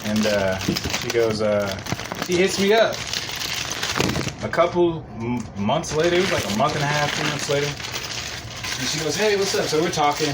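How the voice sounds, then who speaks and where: Over loud hip hop music in a very noisy recording, a man hosts a podcast, spinning rambling, profane stories and laughing along. His voice is slightly high and expressive, at a measured pace with long pauses, like a casual storytelling monologue.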